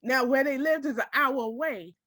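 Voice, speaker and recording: A woman's voice: high voice, normal speed, a bit bright, no room sound, studio quality. A woman telling a personal story to a small group, speaking directly and emotionally and often checking that her listeners follow her.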